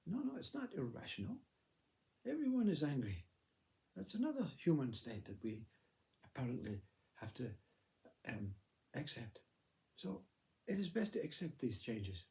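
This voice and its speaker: A man voicing a calm, unbothered mother who brushes off her children's worries with soothing patience. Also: medium pitch, unhurried, vocal fry, pauses often.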